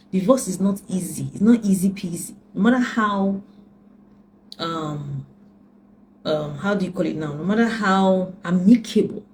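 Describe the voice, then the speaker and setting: A woman coaching listeners in an earnest, emphatic way, repeating her key points and often sinking into a hushed, near-whispered delivery. Her voice is warm and mellow, with a faint hiss of noise behind it. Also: lowish voice, poor audio. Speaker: relationship coach. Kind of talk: earnest advice talk.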